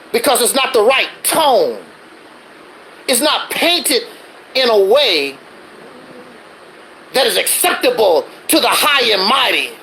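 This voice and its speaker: A man's voice: extremely high pitch, pushed and bright, a little hiss or hum, low-quality recording. A man hosting a livestream, ranting defensively in a casual monologue full of rhetorical questions. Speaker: livestreaming channel host.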